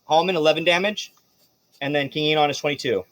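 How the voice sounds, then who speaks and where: A playful man runs a tabletop game as game master, chuckling through his narration and swearing casually. His voice sits a little high. The sound is dry and close. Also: fast talker, fairly bright tone, no room sound.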